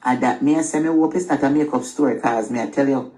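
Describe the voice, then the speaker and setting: A woman with a Jamaican accent speaks in rapid patois during a casual chat. Her voice sits very low for a woman. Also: mellow, poor audio. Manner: quick patois talk.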